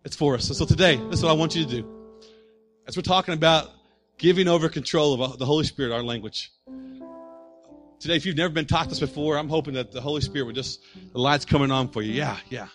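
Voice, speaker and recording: A man preaching a sermon as pastor, telling stories with humor and shifting between loud, excited passages and quieter explanation. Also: fairly high pitch, fast talker, soft background music. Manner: storytelling preacher, animated and humorous.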